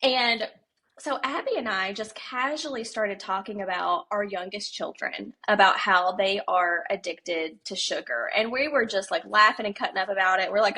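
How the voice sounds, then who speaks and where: A woman co-hosting a podcast, telling a story in a lively, chatty way and calling her listeners y'all. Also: mid-range voice, moderate pace. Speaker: podcast co-host. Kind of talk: casual storytelling chat.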